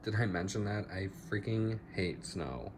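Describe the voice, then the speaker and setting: Indoors at his plant-filled home, a male plant vlogger with a lowish voice chats slowly and casually about each of his house plants, a bit dramatic as he goes. A faint hiss of room noise runs beneath him.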